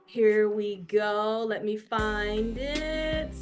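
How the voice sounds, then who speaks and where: A woman's voice: medium pitch, drawn-out words, faint music behind. A woman acting coach wrapping up an online class in a chatty, upbeat way, repeating her words and laughing easily, on a video call. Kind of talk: casual encouraging wrap-up talk. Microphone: video call microphone.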